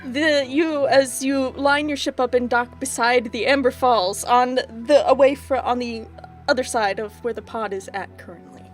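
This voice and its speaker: A woman's voice: a little high, steady tone, normal speed, soft background music. A woman running a tabletop game as game master, narrating in a rambling way full of fillers.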